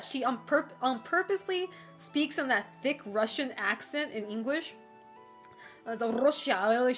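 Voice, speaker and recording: A woman's voice: on the high side, fairly bright tone. A young woman livestreaming, chatting casually and rambling with lots of fillers, casual swearing and frequent laughter. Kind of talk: casual chat while streaming.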